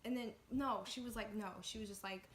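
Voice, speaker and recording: Animated young woman in an echoey room. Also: mid-range voice, fairly quick. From Washington, D.C. area, USA. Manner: animated, excitable storytelling with many fillers. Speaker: vlogger. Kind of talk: storytime vlog. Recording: echoey room with faint noise.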